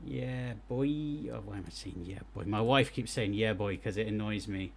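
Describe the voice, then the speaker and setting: A man giving live gameplay commentary as he streams and reviews game jam entries, excitable and thinking aloud as he plays. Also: fairly low pitch, fairly quick, vocal fry, slight background noise. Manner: excitable, talks to himself while playing.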